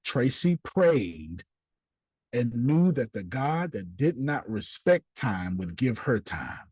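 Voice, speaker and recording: A man's voice: medium pitch, very animated, takes it slowly, a little mellow, breathy edge, no room sound. A man teaching a group class in a preachy, playful way, acting out little scenes, with speech. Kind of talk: animated group teaching talk.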